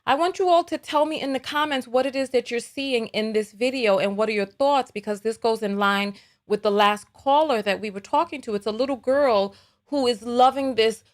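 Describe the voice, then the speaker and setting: Woman hosting a live call-in show. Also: fairly high pitch. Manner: conversational, repeats phrases while thinking aloud.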